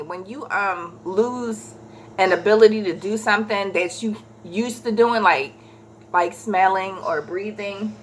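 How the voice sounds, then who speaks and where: Brief: woman, 30s, vlogger storyteller; bright, lively telling, often stops to correct herself. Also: mid-range voice, slight background noise. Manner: animated, acts out quoted voices, corrects herself mid-story. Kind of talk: casual storytelling.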